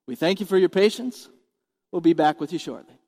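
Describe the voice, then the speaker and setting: A man's voice: high-pitched, lively intonation, brisk, a little mellow, in a large hall. A man voicing a male airline captain on the intercom with drawling, folksy pilot patter. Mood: calm.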